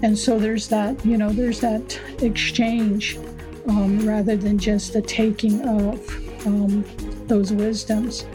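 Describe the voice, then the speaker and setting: Brief: older woman guest, calm and reflective, flat even delivery, music bed underneath. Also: mid-range voice. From Navajo Nation, US. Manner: calm, unhurried, with many fillers. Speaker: guest, wisdom keeper. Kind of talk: reflective interview answer.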